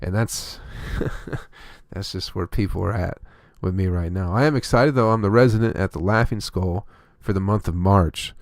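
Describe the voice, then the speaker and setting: A man's voice: low voice, normal speed, dry recording, studio quality. A man hosting his own comedy podcast, delivering a rambling, profane, opinionated solo rant.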